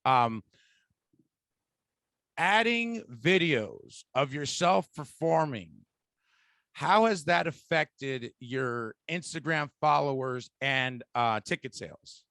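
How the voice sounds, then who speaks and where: A man's voice: fairly high pitch, lively intonation, slow pace, gravelly, bright, forceful tone, no echo. A man, a stand-up comedian, chatting on a podcast, rambling through long questions with many fillers. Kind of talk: casual podcast chat.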